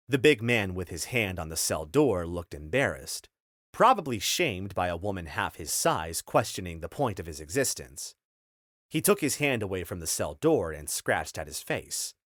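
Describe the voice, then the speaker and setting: Low-voiced male audiobook narrator. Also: very animated, moderate pace, a bit bright, no room sound, clean studio sound. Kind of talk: scripted narration.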